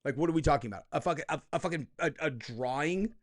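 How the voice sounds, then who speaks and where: A man's voice: on the high side, fast talker. A man hosting heated political commentary, profane and combative, who keeps tagging his points with "okay?" and "dude.".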